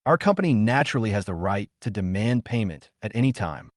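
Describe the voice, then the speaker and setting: A man's voice: lowish voice, very animated, fairly quick, no echo, studio quality. A man voicing a cold businesswoman executive. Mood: cold, formal. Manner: curt, formal, matter-of-fact. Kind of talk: story recap narration.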